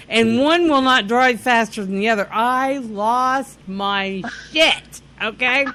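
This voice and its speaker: A woman spins a story on a casual podcast, laughing often and bursting into shouted quotes. Her voice sits high and bright. It swings widely in pitch. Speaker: podcast co-host. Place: lives in Indiana.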